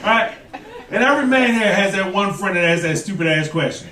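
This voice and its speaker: A man's voice: high voice, lively intonation, fairly quick, far from the mic, very noisy. A man performing a stand-up comedy set on a club stage, talking to the audience and putting on voices for the people he mocks. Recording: roomy club, mic heard from afar, loud crowd. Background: audience laughter and applause.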